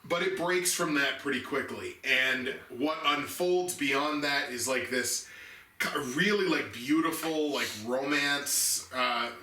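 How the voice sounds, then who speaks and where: A man co-hosting a casual movie chat, excitable and laughing, with many restarts. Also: medium pitch, takes it slowly, roomy sound, distant mic, poor audio. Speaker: podcast co-host ranking movies.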